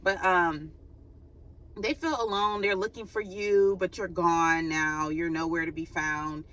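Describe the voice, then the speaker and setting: This faith-channel host speaks with a lowish, steady, fairly bright voice at a slightly slow pace. Her spiritual reading is casual and chatty, full of laughter and sighs she performs when quoting, and she was recorded without her mic.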